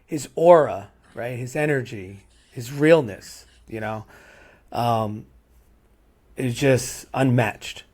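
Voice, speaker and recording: A man's voice: mid-range voice, slow, a little mellow, slightly rough. A middle-aged man from hosting a podcast in casual, heartfelt conversation, rambling and asking "right?" again and again. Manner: rambling, repeats "right?" often. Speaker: podcast host.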